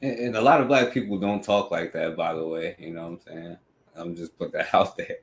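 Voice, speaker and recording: Deep-voiced rambling male radio host. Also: steady tone, fairly quick. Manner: rambling, fills every phrase with "you know what I'm saying". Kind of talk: casual talk-radio commentary.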